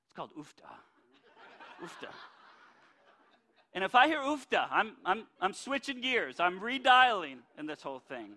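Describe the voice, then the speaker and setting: Folksy male preacher, high bright voice, lively sermon delivery. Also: brisk. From North Dakota. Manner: folksy, animated, with many restarts.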